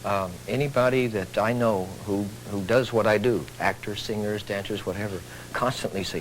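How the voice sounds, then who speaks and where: A man's voice: fairly low pitch, fairly even intonation, normal speed, hardly any pauses, a little hiss or hum, low-quality recording. A middle-aged man from Texas, a stage actor speaking earnestly, with dry humor, as a TV talk show guest. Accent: Texan.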